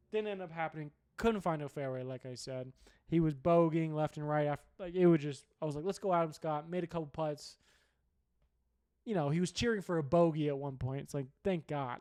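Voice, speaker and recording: A young man hosting a sports podcast talks casually about the weekend's golf in a slightly high, a little mellow voice. He rambles, restarts and swears freely in this conversational recap, and the recording is dry with no room sound.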